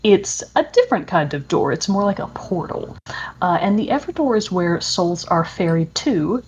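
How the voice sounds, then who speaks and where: A woman's voice: on the low side, very animated, normal speed, darkish tone, slightly rough. A woman co-hosting a podcast, chatting enthusiastically about video games with many fillers. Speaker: podcast co-host. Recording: dull lo-fi audio.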